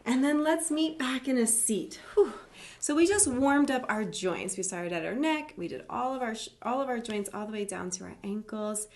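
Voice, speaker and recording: A woman leading a live online yoga class for kids, gentle, encouraging and playful as she talks through each pose. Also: on the high side, expressive, moderate pace, echoey room. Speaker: yoga teacher for children.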